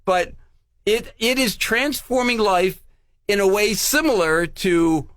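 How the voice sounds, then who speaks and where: A man's voice: high-pitched, lively intonation, takes it slowly, fairly bright tone, no room sound. An older man hosting a radio show, chatting in the studio in an enthusiastic, laughing way. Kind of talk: casual studio chat.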